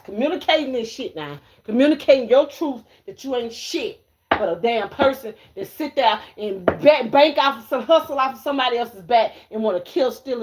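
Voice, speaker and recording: A fairly high-voiced woman doing a tarot reading on a livestream. She sounds brash and cursing, swaggering as she throws taunting questions at her viewers. She says lines twice over and laughs in their faces. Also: slight background noise. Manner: profane, confrontational and swaggering, with mocking laughs; repeats phrases and calls out to viewers. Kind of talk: live-streamed card reading.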